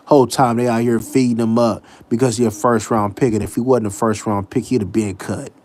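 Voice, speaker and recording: A man hosting a casual sports talk show, animated and mocking, laughing often and mimicking people. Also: mid-range voice, brisk, few pauses. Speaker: podcast host.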